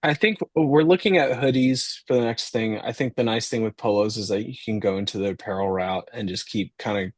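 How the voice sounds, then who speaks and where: A man's voice: lowish voice, brisk, hardly any pauses, no echo. A man, a company founder, talking as a guest in an easygoing casual chat, thinking aloud as he goes.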